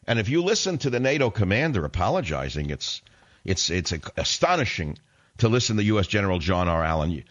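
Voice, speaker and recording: A man's voice: fairly low pitch, big pitch swings, fairly quick, fairly bright tone, muffled recording. A male radio talk show host delivering an indignant, sarcastic monologue in a combative style.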